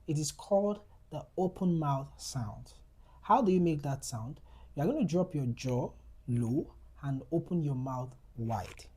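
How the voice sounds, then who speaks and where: A woman teaching French pronunciation, talking slowly and deliberately and saying each example word twice. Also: low voice, lively intonation, a little mellow, husky. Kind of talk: instructional lesson.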